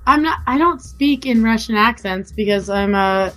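A woman co-hosting a podcast, cheeky and crude in loose banter with friends. Her voice is bright and fairly high, with faint music in the background. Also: moderate pace. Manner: cheeky, crude teasing, laughing. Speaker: podcast co-host. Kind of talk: casual banter.

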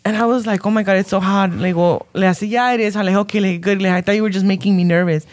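A woman's voice: mid-range voice, rapid-fire, dry recording. A woman, telling a story in casual chat and switching between English and as she acts out what people said. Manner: animated storytelling, switching between English and Spanish, acting out quotes.

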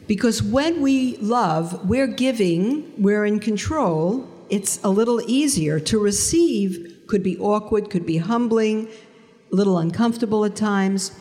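An earnest woman tells her faith testimony, slowing her words on the points she stresses. Her voice is mid-pitched for a woman. A long reverb trails behind her in a large hall. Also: animated, warm tone. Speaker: speaker giving a conversion testimony. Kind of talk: testimony talk.

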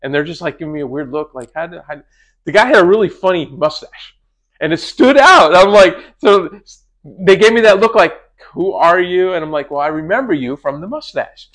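A man's voice: fairly high pitch, a little fast. Man hosting a faith podcast. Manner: chatty, relaxed, leads the prayer. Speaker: podcast host. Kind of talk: casual chat and prayer. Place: cruise ship.

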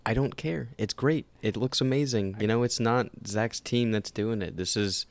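A man's voice: mid-range voice, moderate pace, no room sound. A man co-hosting a casual movie commentary chat, easygoing and teasing, often trailing off mid-sentence. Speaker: podcast co-host.

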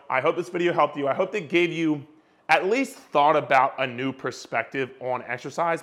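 A man's voice: mid-range voice, fairly bright tone. A man talking to camera as a fitness coach, ranting bluntly and emphatically, repeating his points and swearing. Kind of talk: direct-to-camera rant.

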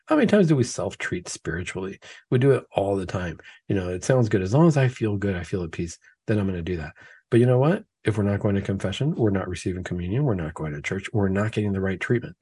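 A man's voice: low-pitched, lively intonation, fast, dark tone, breathy edge, dry recording. A man hosting a Catholic talk show in casual conversation, acting out excuses in a raised voice and building his points through repeated questions. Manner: acts out imagined excuses in a raised voice.

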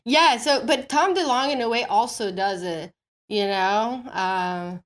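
A woman's voice: fairly high pitch, a little slow. A woman hosting a casual online audio chat, playful and laughing, who also sings along to a guitar. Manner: playful, laughing, trying on a surfer accent. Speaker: host. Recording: loud guitar music behind.

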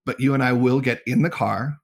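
Middle-aged male talent agent, lively anecdote teller who acts out the quotes, medium-pitched. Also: fairly quick, vocal fry. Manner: animated, acts out quoted dialogue. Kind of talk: casual storytelling interview.

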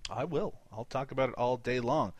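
A man's voice: mid-range voice, fairly quick, slightly rough, no echo. A man with a light Newfoundland accent recapping a movie in casual podcast chat, laughing often and swearing casually. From Newfoundland, Canada. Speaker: podcast co-host.

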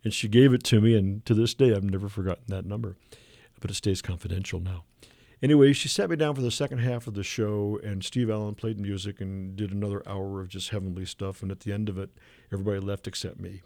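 Man, gravelly, low voice, dry close studio sound, animated storyteller. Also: fast talker, dry recording. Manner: animated anecdote teller who acts out the people he quotes. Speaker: guest artist and illustrator. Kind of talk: radio interview storytelling. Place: radio studio.

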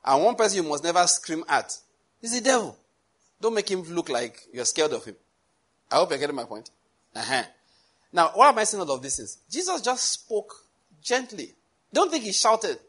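Husky preacher guy, fired up and emphatic, keeps asking if you get his point. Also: on the high side. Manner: animated, emphatic, repeats "I hope you're getting my point". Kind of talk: sermon.

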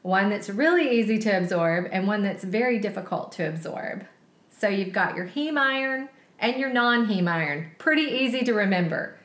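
A woman's voice: mid-range voice, expressive, normal speed, a bit bright, echoey room. A woman in her forties co-hosting a podcast, talking in an enthusiastic, chatty way. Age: 40s. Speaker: podcast co-host. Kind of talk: casual chat.

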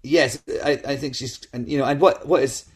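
A middle-aged man, chatting as a guest and telling lively anecdotes, often slipping into quoted voices. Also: mid-range voice, normal speed. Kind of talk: casual chat.

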